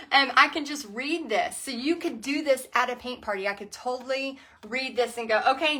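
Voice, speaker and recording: A Texan woman with a high, bright voice runs a live-streamed painting lesson. She chats and giggles as she works and calls out to viewers by name. Her voice stays light and sunny throughout. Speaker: paint party instructor.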